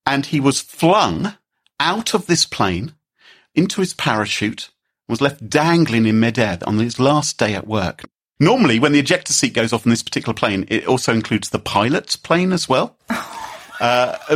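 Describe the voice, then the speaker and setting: A man co-hosts a podcast in casual chat. He tells his story in a chatty way and laughs often. His pitch rises and falls a lot, and his voice has a slightly husky edge. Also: big pitch swings, moderate pace, a bit bright. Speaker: podcast co-host.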